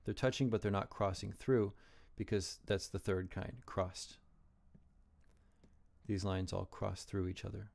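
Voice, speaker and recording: A man teaching Chinese characters, explaining strokes and tones slowly and carefully. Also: on the low side, flat delivery, creaky, a little mellow. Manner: slow, careful modeling of pronunciation.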